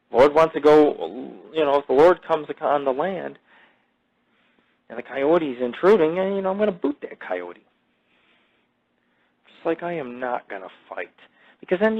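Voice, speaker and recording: A man hosting a podcast, telling crude stories in a boastful, profane, rambling way full of fillers. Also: mid-range voice. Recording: dull lo-fi audio.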